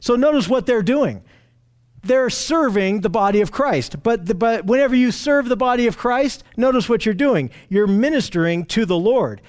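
A man's voice: very high-pitched, expressive, normal speed, a little mellow. A man leading a conversational Bible study, repeating and restarting phrases, pointing out what to notice and putting questions to his group.

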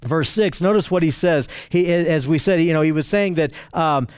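A man's voice: on the high side, normal speed, clean tone, no echo. A man preaching an expository sermon, reading scripture passages aloud and explaining them earnestly, often restarting phrases. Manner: earnest and emphatic, with frequent restarts. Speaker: preacher teaching a Bible study.

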